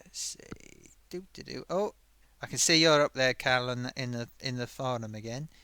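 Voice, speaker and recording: A man's voice: mid-range voice, normal speed, sharp tone, smooth, no echo. A man voicing a chatty talking sock puppet who hosts a live stream. He rambles, reads out viewer comments and hums to himself while he reads.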